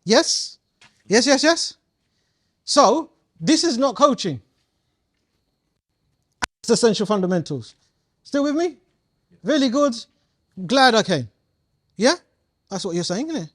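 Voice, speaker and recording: A man's voice: very high-pitched, very animated, a little slow, long pauses, a bit bright. A man leading a live coaching workshop, playful and slangy, quizzing his audience as he goes. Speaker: community coaching trainer.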